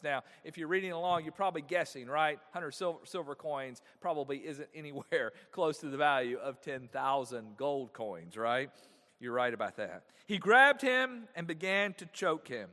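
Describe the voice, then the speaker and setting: A man's voice: on the high side, moderate pace. Man preaching with rising, ringing emphasis. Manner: animated preaching with wide swings in loudness. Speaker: pastor. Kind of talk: sermon. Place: church sanctuary. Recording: long reverb of a church sanctuary.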